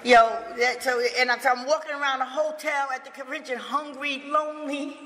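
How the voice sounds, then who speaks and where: A high, bright-toned woman tells her recovery story with blunt, profane emphasis and loud bursts of laughter. Her voice carries a long hall reverb and a roomy echo. Faint noise sits under it. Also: fairly even intonation, a little fast. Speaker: recovery speaker. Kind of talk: personal testimony to a recovery meeting.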